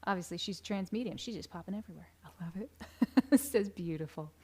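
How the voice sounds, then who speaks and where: A woman hosting a live stream, reading viewer comments aloud in a soft voice that often drops to a whisper, with bursts of laughter and sung birthday greetings. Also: fairly low pitch, a little fast, husky. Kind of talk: live stream chat, gentle and affirming.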